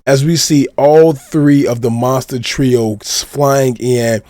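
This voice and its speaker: A man hosting a podcast, giving an animated, casual retelling and leaning on the same stock phrases. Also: mid-range voice, slow, hardly any pauses, no echo, clean studio sound. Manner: animated retelling, leans on "of course". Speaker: podcast host. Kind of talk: casual recap of a manga chapter.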